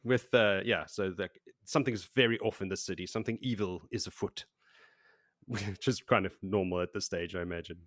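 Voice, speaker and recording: Guy on a podcast recapping chapters, lowish voice, swears a bit, acts out quotes, dry mic. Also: moderate pace, no room sound. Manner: animated retelling with acted quotes and swearing. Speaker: podcast co-host. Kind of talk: casual book recap chat.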